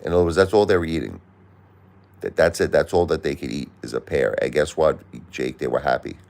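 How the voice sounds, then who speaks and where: Middle-aged male livestream host, very low gravelly voice, blunt and preachy, near tears. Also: fairly quick, darkish tone. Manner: blunt, repetitive, preachy advice. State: close to tears. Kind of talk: emotional live-stream talk to a caller.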